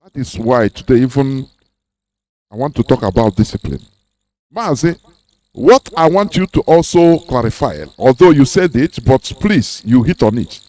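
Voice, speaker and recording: A man's voice: medium pitch, normal speed, low-quality recording. A man hosting a radio program, talking in a sermonizing way with frequent fillers. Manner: sermonizing, lively, hesitant fillers. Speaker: radio host. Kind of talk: preachy radio talk.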